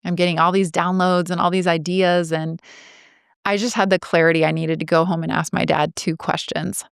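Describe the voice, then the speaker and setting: A woman in her forties shares a personal story in an earnest, reflective way, drawing out the phrases that matter most. Her voice sits a little low and sounds smooth and clear. It is recorded dry and close, with no room sound. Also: little pitch movement, moderate pace, dry recording. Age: 40s. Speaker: podcast host.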